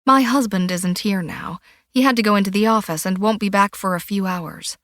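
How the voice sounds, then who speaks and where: Woman reader doing a guarded hostess, higher voice, brisk, anxious, dry audiobook. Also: fairly bright tone, no echo, close to an everyday voice.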